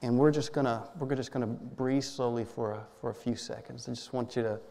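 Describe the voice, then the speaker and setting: A man serving as minister, leading a guided prayer meditation in a gentle, halting way, often repeating words and dropping to a soft hush. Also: mid-range voice, little pitch movement, vocal fry, big-room sound. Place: church sanctuary.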